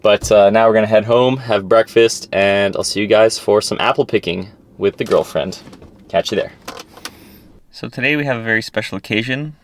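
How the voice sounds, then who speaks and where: Laid-back lower-voiced man vlogging. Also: moderate pace, a little hiss or hum. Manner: relaxed, filler-heavy explaining. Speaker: fitness vlogger. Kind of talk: casual vlog talk to camera. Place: outdoors, at a farm orchard.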